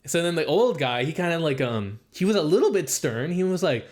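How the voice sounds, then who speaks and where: Young male podcast co-host, a bit high-voiced, rambling casual storyteller. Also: lively intonation, a little fast, hardly any pauses, a little mellow. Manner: rambling storytelling, heavy use of "like"; acts out quoted speech with raised pitch. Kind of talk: casual chat.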